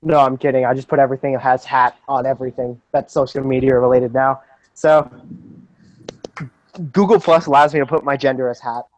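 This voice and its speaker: A man's voice: medium pitch, fairly even intonation, brisk, dry recording, low-quality recording. A young man hosting a casual group chat over a voice call, joking and sarcastic, rambling on. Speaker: podcast host.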